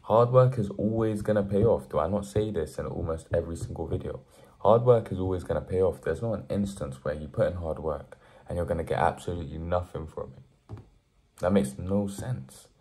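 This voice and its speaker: Here the young man sounds low and mellow, moving fairly quickly as he addresses the camera. His earnest vlog urges viewers toward hard work, climbing to forceful, emphatic pushes.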